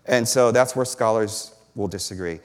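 A man's voice: lowish voice, normal speed. A man giving an earnest sermon as a pastor, explaining a passage point by point and pressing hard on the words that matter. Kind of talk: sermon teaching. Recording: long hall reverb.

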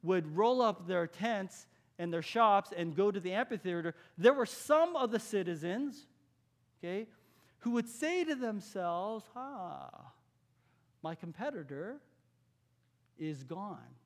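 Conversational pastor preaching. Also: male voice, high voice, expressive, unhurried. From California. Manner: conversational, asks the audience questions, drops to a hush for key points. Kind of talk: sermon.

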